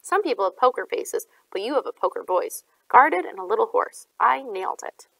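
A woman reading a nervous but sharp-tongued teenage girl in an audiobook, with clipped, snappy lines. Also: on the high side, big pitch swings, moderate pace, gravelly, dry recording, heavily acted, poor audio. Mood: anxious, snappy. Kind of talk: audiobook character voice.

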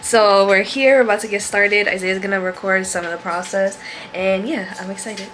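A woman's voice: medium pitch, fairly even intonation, normal speed, noisy background. A young woman chatting casually with her partner for their vlog, upbeat and full of "like" fillers. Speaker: vlogger.

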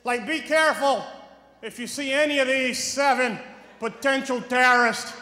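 Brash New York comic shouting in a hall. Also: male voice, very high voice, steady tone, moderate pace. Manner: brash, profane, swings from muttering to shouting. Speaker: stand-up comedian. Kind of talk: stand-up comedy set. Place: large comedy venue with a live audience. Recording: echoey hall with crowd noise.

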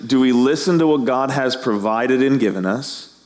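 A middle-aged man preaches a sermon to his congregation. He keeps it animated and slips into the voices of the people in the story. His voice sits at an ordinary middle pitch. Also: normal speed. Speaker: pastor.

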